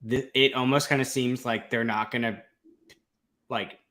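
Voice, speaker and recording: A man's voice: medium pitch, steady tone, a little slow, bright, forceful tone. A young man co-hosting a casual fan podcast, talking in a laid-back, rambling way. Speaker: podcast co-host.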